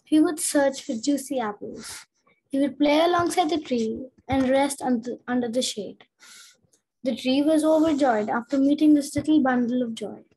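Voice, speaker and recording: High-voiced young girl reading aloud. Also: mellow, poor audio. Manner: careful, halting read-aloud with restarts. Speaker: student. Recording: faint background noise and clicks.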